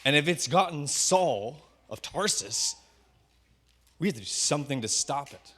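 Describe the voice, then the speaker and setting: A hostile band of plotters, voiced by a man speaking in low, bitter, menacing tones. Their voices drop well beneath his usual pitch. Told as part of a sermon story. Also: animated, a little slow, a bit bright. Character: angry plotting group of men, hostile.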